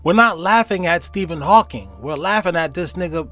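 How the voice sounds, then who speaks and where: A man commenting on his own video, loud, profane and mocking in a casual reaction style. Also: high voice, moderate pace, soft background music. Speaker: video editor and host.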